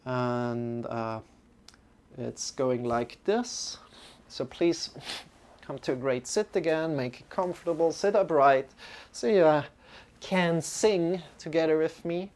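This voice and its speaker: Slow, hesitant male yoga teacher. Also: fairly high pitch, a little mellow. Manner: rambling, hesitant, many restarts and fillers. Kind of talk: live-streamed yoga class talk.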